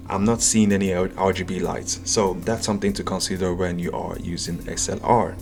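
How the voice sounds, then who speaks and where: Low-voiced man chatting through a mic review. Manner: chatty, self-deprecating, addresses viewers directly. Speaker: tech reviewer. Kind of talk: casual product review vlog. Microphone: USB condenser mic at close range.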